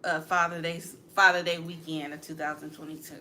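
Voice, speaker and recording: A woman's voice: sits low, level tone, brisk, bright, forceful tone. A woman co-hosting a casual talk show, adding short corrections and details. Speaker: co-host. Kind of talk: casual chat.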